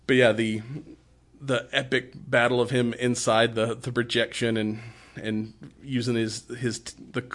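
A man's voice: mid-range voice, little pitch movement, a little slow, a bit bright. A man in casual podcast chat, retelling movie scenes with quoted lines, laughing often and swearing freely.

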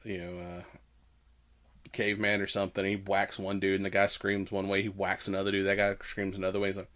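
A man co-hosting a casual podcast, recapping a movie with frequent laughter and quick quoted voices. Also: low voice, monotone, fairly bright tone. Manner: laughs often, retells scenes doing quick quoted voices. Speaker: podcast co-host.

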